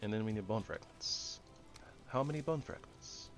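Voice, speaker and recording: A man with a fairly low voice gives casual commentary while he plays, goofy and rambling. He swings from loud excited bursts to soft mumbling asides, with faint music playing behind him. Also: moderate pace. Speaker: gaming channel host.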